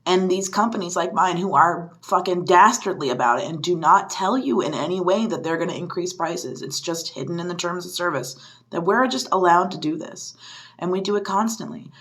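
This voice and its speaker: A woman's voice: fairly low pitch, moderate pace, a bit bright. A young woman who works in customer service, venting with frustration and exasperated questions. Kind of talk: venting social media monologue.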